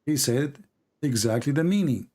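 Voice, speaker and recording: Male debate host on a live stream, mid-pitched, combative, hammers questions and reads quotes deliberately. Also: expressive, darkish tone. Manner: argumentative, presses with repeated questions.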